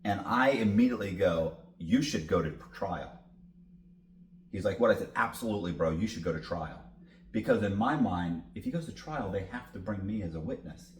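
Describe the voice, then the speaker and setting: A lower-voiced man tells a story in a lively, swinging way, acting out every line of dialogue and cursing freely. The voice rings around an echoey room. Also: normal speed. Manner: profane, animated storytelling with acted-out dialogue. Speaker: podcast guest. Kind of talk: storytelling interview.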